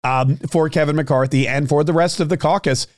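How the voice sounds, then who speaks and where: A man hosting a solo political commentary show, talking straight to his listeners with many fillers and restarts, his throat a little rough. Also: on the high side, fairly even intonation, moderate pace, dry recording, studio quality. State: clearing his throat, slightly choked up. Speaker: political podcast host.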